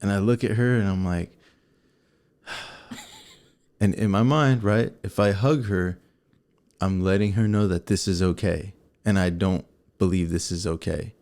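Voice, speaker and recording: A man co-hosting a casual show, telling a personal story to viewers in an animated way and acting out scenes. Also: deep voice, measured pace, long pauses. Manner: animated, acts out scenes and quotes. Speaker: co-host.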